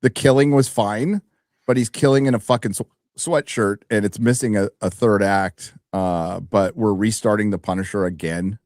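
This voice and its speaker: A man's voice: on the low side, steady tone, normal speed, darkish tone, no room sound, clean studio sound. A man co-hosting a casual podcast chat, frank and swearing. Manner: frank, swears, blanks on names. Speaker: podcast co-host.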